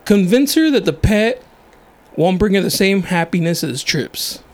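A man co-hosting a podcast in a loose, joking chat. His voice sits a little high and swings widely as he teases his co-host. He laughs through many of his lines. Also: expressive, a little slow, slight background noise. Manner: joking, laughs often, mixes in Spanish words. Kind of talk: casual chat.

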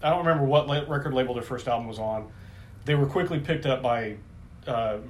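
A man's voice: mid-range voice, brisk, a little hiss or hum. A man in his forties in casual chat, rambling and correcting himself as he goes, swearing freely.

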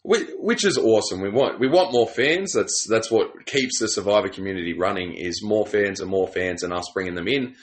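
A man's voice: on the low side, brisk, few pauses. An Australian man hosting a casual podcast, chatty and laid-back, laughing easily. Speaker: podcast host.

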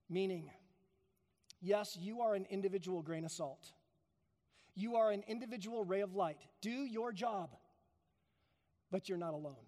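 High-voiced man preaching in a hall. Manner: emphatic, building to loud peaks then dropping soft. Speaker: pastor. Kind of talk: sermon. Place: church sanctuary.

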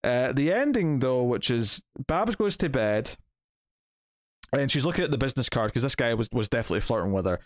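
A man's voice: mid-range voice, sing-song, fairly quick, no echo, studio quality. A man in his thirties chatting casually about a comic issue, rambling with many restarts and fillers. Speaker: comic book podcast host. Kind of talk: casual chat reviewing a comic.

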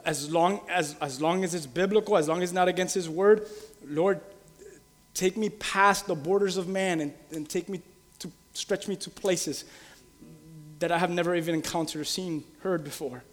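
A man preaching a sermon with passion, asking his congregation direct questions and building to loud, emphatic peaks. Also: high voice, moderate pace, big-room sound. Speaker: pastor.

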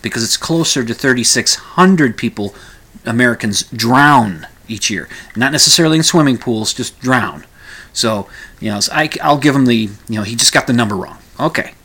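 A man's voice: mid-range voice, sharp tone, slightly rough. A man hosting a casual commentary show, rambling through the news with frequent restarts and asides.

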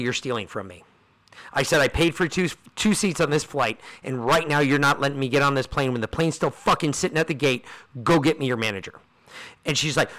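Male podcast co-host, bright and punchy tone, profane storyteller doing everyone's lines. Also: mid-range voice. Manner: profane, fired-up storyteller acting out quoted people. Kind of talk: casual storytelling chat.

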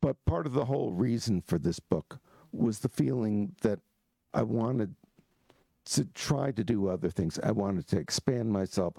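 Male author, gravelly, husky, lively pitch, storytelling with restarts. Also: dry recording. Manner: animated storyteller with frequent restarts and laughs. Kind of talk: telling anecdotes in a book talk.

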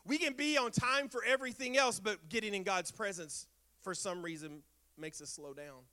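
A male pastor preaching a sermon in a church. He repeats his refrains with emphasis and swings between loud bursts and soft, low lines. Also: moderate pace.

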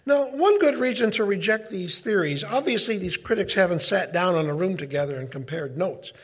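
Middle-aged guy teaching bible study, husky voice, chatty and animated, keeps cutting himself off. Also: high-pitched, fairly quick. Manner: conversational, animated, self-interrupting.

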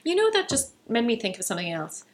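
A woman's voice: on the high side, huge pitch swings, quick pace, a little hiss or hum. A woman from Ireland, co-hosting a casual chat about dogs and telling stories with plenty of fillers. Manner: chatty, warm storytelling with fillers.

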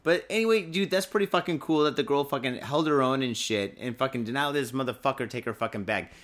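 A man hosts a loose podcast, sipping booze between rambling, profanity-laced riffs. His voice sits at an ordinary middle pitch, and he drifts easily between chatty tangents and reading the news aloud. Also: fast, a bit bright. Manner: profane, rambling, laid-back. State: drinking booze while talking. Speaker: podcast host. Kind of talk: casual drinking podcast chat and news reading.

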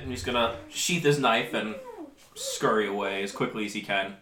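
A man narrating as game master, in a casual and halting way. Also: mid-range voice, lively intonation, bright, forceful tone, roomy sound.

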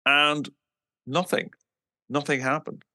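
A man from England tells casual stories about his band, acting out what people said with animation and occasionally swearing. His slightly high voice is slow, sharp-toned and flat in delivery, recorded studio-clean with no echo.

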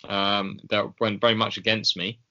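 A man co-hosting a podcast in casual chat, slow and hesitant with many ums and pauses. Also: lowish voice, level tone, sharp tone, muffled recording. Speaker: podcast co-host.

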